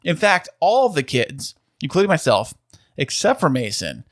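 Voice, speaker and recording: A man's voice: fairly high pitch, very animated, normal speed, fairly bright tone, no room sound. Upbeat guy co-hosting a podcast, chatty, goes on explaining stuff, dry close sound. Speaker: podcast co-host. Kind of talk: casual chat.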